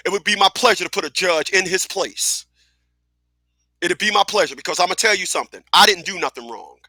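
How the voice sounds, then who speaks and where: A man's voice: high voice, sharp tone, no echo. A man hosting a radio talk show, speaking bluntly and emphatically with profanity and lots of repetition. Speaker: radio host. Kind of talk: casual talk radio monologue.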